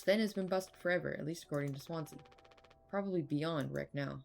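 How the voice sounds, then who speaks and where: A woman's voice: low-pitched, a little fast, vocal fry, a little mellow, slight background noise. A woman playing a video game, making casual, swearing comments to herself. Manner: casual, swearing, laughing asides. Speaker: gamer. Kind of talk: let's-play commentary.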